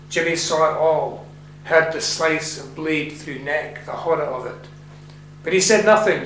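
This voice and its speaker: A middle-aged Scottish man reading from his novel at a live event, measured in the reading and hesitant in his asides. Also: on the high side, a bit bright. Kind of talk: public reading and talk. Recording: echoey hall with faint hum.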